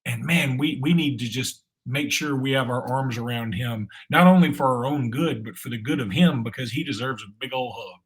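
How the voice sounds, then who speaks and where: Guy co-hosting a sports podcast, rambly casual chat, mid pitch. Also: moderate pace, hardly any pauses. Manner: chatty, rambling with repeated restarts. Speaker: podcast co-host.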